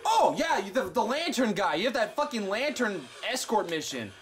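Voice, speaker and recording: A man casually commenting while playing a game, excitable and foul-mouthed, chatting to viewers. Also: sits high, moderate pace, slight background noise. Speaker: gameplay streamer. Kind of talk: let's play commentary.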